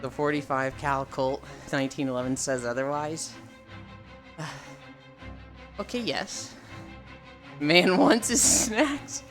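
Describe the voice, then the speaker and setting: A woman streamer chatting casually with her live chat, teasing viewers and telling animated stories. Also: low voice, slow, pauses often, faint music behind. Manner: animated storytelling with laughter.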